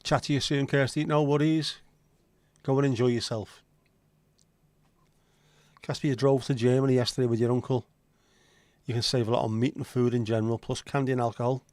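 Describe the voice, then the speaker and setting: A man's voice: medium pitch, steady tone, a little fast, pauses often, a little mellow, no room sound. A man hosting a casual livestream, chatty and joking as he answers viewer comments. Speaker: livestream host.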